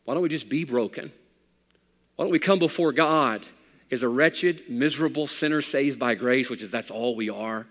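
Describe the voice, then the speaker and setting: A man preaching a sermon as pastor, swinging from hushed, quiet passages to loud, fervent outbursts. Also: mid-range voice, lively intonation, normal speed. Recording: long hall reverb.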